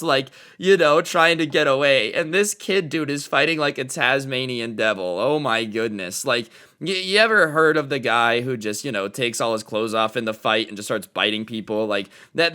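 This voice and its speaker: Young guy doing a storytime vid, says dude a lot, super animated, bright crisp voice. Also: mid-range voice. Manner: slangy, animated, lots of "dude" and "like". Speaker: storytime channel host. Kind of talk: casual storytime.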